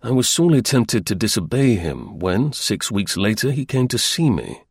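A man narrating a first-person adventure story as an audiobook in a measured, even storytelling manner, with a husky voice. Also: lowish voice, dry recording, clean studio sound.

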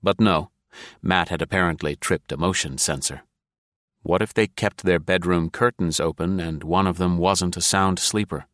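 A male narrator with a very deep, low voice reads a thriller in a steady, measured way. The sound is close and completely dry, like a studio booth. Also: dry recording. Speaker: audiobook narrator. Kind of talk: scripted narration.

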